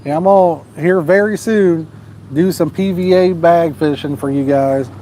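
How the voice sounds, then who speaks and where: A man's voice: on the high side, normal speed, dark tone, a little hiss or hum. A man hosting a live fishing stream outdoors at night, reading out viewer comments in a folksy, joking, laid-back way. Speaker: fishing channel host.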